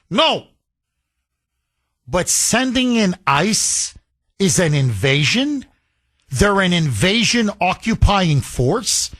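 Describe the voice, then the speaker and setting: A man with a high-sitting, somewhat bright voice hosts a political talk radio show. He delivers a sarcastic, indignant monologue, emphatic and full of rhetorical questions and repetition.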